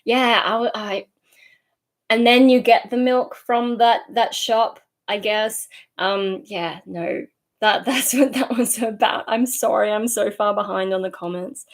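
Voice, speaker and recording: A woman's voice: on the high side, steady tone, a little slow. A woman with a Sydney accent, chatting casually on a livestream as she answers viewer comments in a rambling way, full of ums and likes. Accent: Sydney Australian. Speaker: streamer answering chat.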